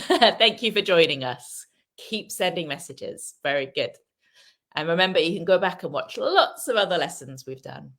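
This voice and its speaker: A woman's voice: on the low side, a bit bright. A woman teaching English on a live stream, asking viewers questions, reading out their comments and modelling pronunciation. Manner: reads viewer comments aloud and praises answers; asks the audience questions and stresses pronunciation.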